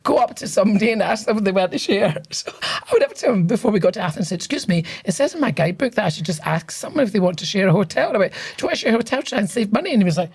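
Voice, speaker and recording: A woman's voice: mid-range voice, lively intonation, very fast, few pauses, a little mellow, slightly rough. A Scottish woman co-hosting a casual chat, telling anecdotes in a chatty way with frequent laughter. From Scotland. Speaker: co-host.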